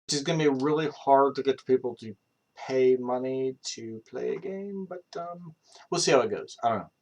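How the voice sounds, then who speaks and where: A man's voice: medium pitch, normal speed. A young man on a live stream who rambles casually, with many fillers and restarts. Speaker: streamer practicing accents.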